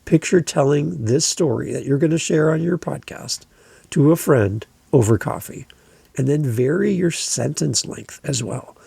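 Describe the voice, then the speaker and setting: A man's voice: fairly high pitch, unhurried, creaky, warm tone, husky, no echo. A man hosting a podcast, coaching new podcasters in a casual, emphatic, conversational way while gesturing as he talks. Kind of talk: casual instructional monologue.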